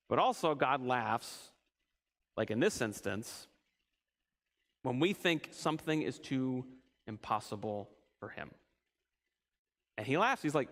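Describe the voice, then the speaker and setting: A man's voice: mid-range voice, animated, a little slow, long pauses, fairly bright tone. A man leading a church Bible study in a conversational way, often asking the group questions.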